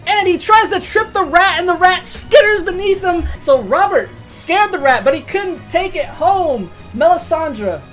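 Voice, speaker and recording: A woman runs a tabletop game in a loose, swearing manner, laughing at the dice as she narrates. Her voice is high, with faint music in the background. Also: lively intonation, a little slow, hardly any pauses. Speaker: game master.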